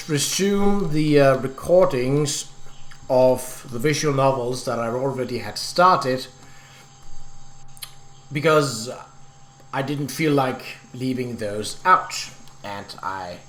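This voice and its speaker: A man casually commenting on a video game as he plays, hesitant and halting, with frequent ums and restarts. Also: on the high side, fairly bright tone. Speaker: let's play gamer. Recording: echoey room.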